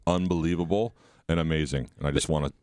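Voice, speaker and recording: A man's voice: rumbling low, steady tone, fast talker, a little mellow. A man co-hosting a radio talk show, telling anecdotes in a rambling, conversational way. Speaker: radio show co-host, mortgage lender.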